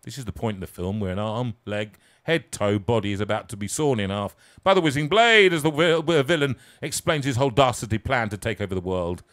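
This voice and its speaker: A man reading his own comic story aloud, theatrical and self-mocking, moving from hushed asides to loud peaks. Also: mid-range voice, animated, fairly quick, hardly any pauses.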